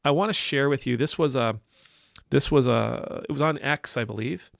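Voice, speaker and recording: A man, an Anglican priest, talking through a video in casual commentary, pausing to search for words and growing emphatic when he objects. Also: mid-range voice, creaky, dry recording, studio quality. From Canada.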